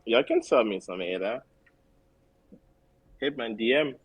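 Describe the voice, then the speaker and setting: A man's voice: mid-range voice, expressive, measured pace, a little hiss or hum, rough recording. A man hosting a casual morning chat who greets each guest and laughs easily. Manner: laid-back, laughs easily, greets everyone. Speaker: host.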